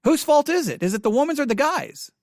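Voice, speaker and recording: A man's voice: very high-pitched, sing-song, brisk, a little mellow, no echo, clean studio sound. A man hosting a casual spoken commentary, emphatic, often restarting his words.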